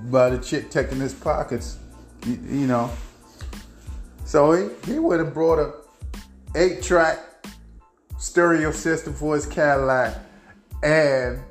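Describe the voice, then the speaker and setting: A man hosting his own show, telling family stories in a rambling, animated way with frequent laughs. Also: medium pitch, reverberant. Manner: rambling, animated, laughs often, repeats himself. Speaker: podcast host and author. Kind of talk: casual personal storytelling.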